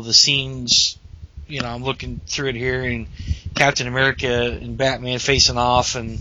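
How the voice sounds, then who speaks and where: A man's voice: medium pitch, sharp tone, slight background noise. A man hosting a podcast, chatting casually and rambling with many restarts over lo-fi call audio. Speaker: podcast host. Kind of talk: casual chat.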